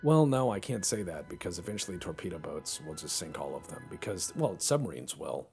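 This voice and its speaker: A man's voice: low-pitched, sing-song, a little fast, a little mellow, soft background music. A man hosting a let's play, giving casual commentary on a naval strategy game, joking, swearing and thinking aloud as he plays.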